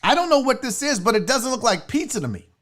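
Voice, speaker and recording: A woman's voice: fairly high pitch, very animated, quick pace, fairly bright tone. A woman hosting a casual livestream chat, blunt, profane and mocking as she reacts. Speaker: sports show host.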